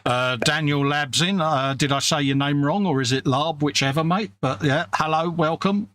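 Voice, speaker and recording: A man's voice: on the high side, moderate pace, fairly bright tone. A man co-hosting a live stream, chatting casually while painting models, teasing his friend and reading out chat messages. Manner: laid-back, teasing, reads chat messages aloud. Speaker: co-host.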